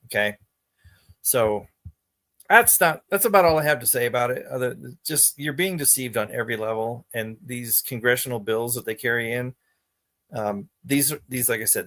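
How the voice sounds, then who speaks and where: A man talks straight to his viewers in a loose, rambling vlog monologue, sounding exasperated and conspiratorial and repeatedly circling back over his own sentences. His voice is at an ordinary middle pitch and a bit bright.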